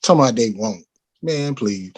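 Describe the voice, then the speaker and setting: A man co-hosting a podcast, chatting in an animated, teasing way with frequent stammered restarts. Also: medium pitch, normal speed, breathy edge, dry recording. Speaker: podcast co-host. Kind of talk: casual chat.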